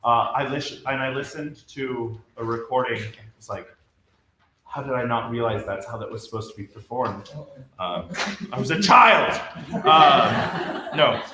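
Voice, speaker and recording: A man's voice: mid-range voice, expressive, measured pace, bright, forceful tone. A man leading a choir rehearsal, explaining rhythm and diction and demonstrating phrases by speaking and singing them. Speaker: choir director. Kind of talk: rehearsal instruction. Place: rehearsal room. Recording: roomy echo with faint ambience.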